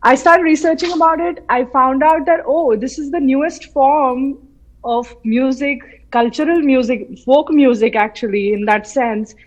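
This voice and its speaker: A film artist from Madhya Pradesh, central India, joins a casual interview as a guest via a remote call from her home city, so the sound is lo-fi. Her voice sits slightly high and her pace is measured as she tells her story with lively animation, acting out remembered voices.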